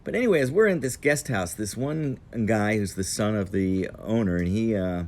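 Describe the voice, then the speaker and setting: A man's voice: fairly low pitch, lively intonation, darkish tone, slight background noise. A man telling a casual, meandering travel story on an outdoor patio. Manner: meandering, digressive, unhurried.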